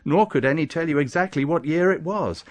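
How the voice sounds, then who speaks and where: A man narrating an audiobook, reading in a measured, expressive storytelling manner. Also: a little high. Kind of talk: scripted narration.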